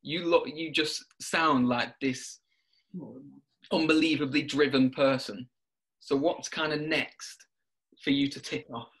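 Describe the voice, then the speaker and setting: A man's voice: fairly high pitch, steady tone, slow, a bit bright. A man interviewing a guest, often repeating words as he restarts and chuckling between questions. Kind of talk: warm-up interview chat.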